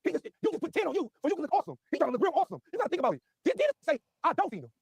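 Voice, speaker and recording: A man ranting casually in heavy slang, repeating himself as he talks fast through a story. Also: extremely high pitch, huge pitch swings, vocal fry, no echo. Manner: rapid, slangy, repetitive. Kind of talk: casual rant.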